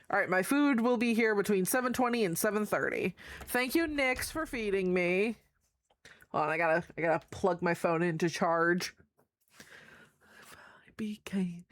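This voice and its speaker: A woman's voice: mid-range voice, no room sound. A woman streamer chatting casually with her viewers, greeting them by name, affectionate and swearing freely. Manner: swears freely while reading chat aloud. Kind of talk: casual live-stream chat.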